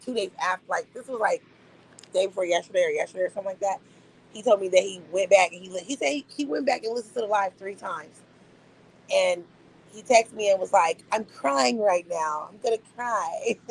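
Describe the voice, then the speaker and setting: A woman's voice: a little high, breathy edge, rough recording. A young adult woman streaming live, venting bluntly and incredulously to her chat, repeating her points for emphasis.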